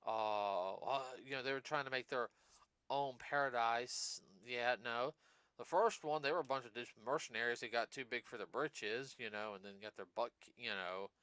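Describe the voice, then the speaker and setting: A man's voice: medium pitch, moderate pace, a bit bright, clear, resonant tone, no room sound. A man hosting a casual podcast, rambling through his points with plenty of fillers and restarts. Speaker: podcast host.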